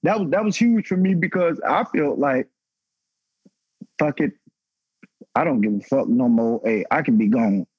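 A man's voice: measured pace, long pauses, husky, dry recording, highs cut off. A man in his thirties, a former football player, telling a raw, emotional story on a podcast panel and swearing freely. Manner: raw, emotional, profane, pitch climbing when stirred.

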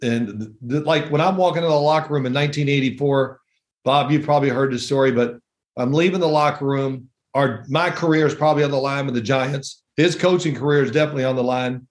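A man's voice: mid-range voice, fast talker. A man in his sixties, a former quarterback, chatting as a podcast guest and telling wry stories. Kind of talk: casual podcast chat.

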